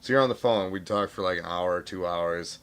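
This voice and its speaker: A man's voice: low voice, a little fast, a bit bright, smooth. A man co-hosting a podcast, bantering in casual chat and often laughing. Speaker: podcast co-host.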